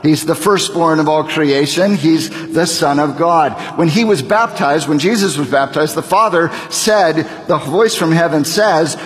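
A man in his thirties, a pastor preaching a sermon, speaking deliberately and building to fervent emphasis. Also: on the high side. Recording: long reverb of a large hall.

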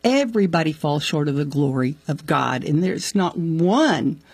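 Husky-voiced woman telling her story, acts out what people said, lowish voice, dry sound. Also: lively intonation, moderate pace, a little mellow, dry recording. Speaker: interview guest. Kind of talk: telling a personal faith story.

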